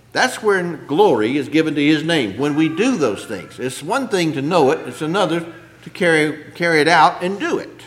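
A man preaching a sermon, rising to emphatic scripture quotes and asking the congregation questions. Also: on the high side.

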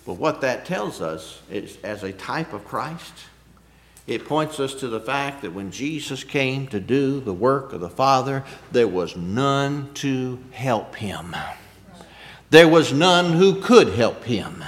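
This man delivers his sermon in a conversational manner, mixing rhetorical questions with shifts from booming emphasis to hushed asides. He speaks at medium pitch, a little slowly, with lively intonation.

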